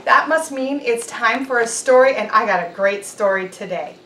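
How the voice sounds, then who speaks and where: A woman reading a picture book aloud to children as an animated, expressive storyteller. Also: on the high side, normal speed, roomy sound, slight background noise.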